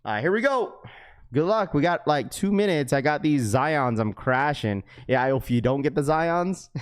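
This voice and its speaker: A young man livestreaming to his chat in a casual, slangy way, getting excited and repeating himself. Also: on the high side, moderate pace, smooth. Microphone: webcam setup.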